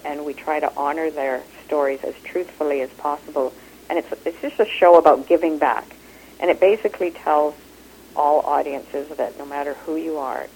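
A woman with a Canadian accent talks in an interview, animated and expressive. Her voice sits low. The sound is thin, like a phone line. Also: slight background noise. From Kenya. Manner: animated, expressive, laughs easily. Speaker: actor and improv teacher. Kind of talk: interview conversation.

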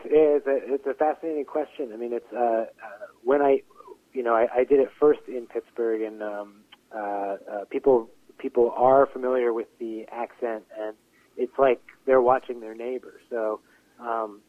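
Guest playwright, male, halting and filler-heavy, on a narrow phone line. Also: medium pitch, fairly even intonation, dry recording. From Western Pennsylvania. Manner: hesitant, many fillers and restarts. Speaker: playwright and actor, interview guest. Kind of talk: casual interview talk. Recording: tinny phone-line audio.

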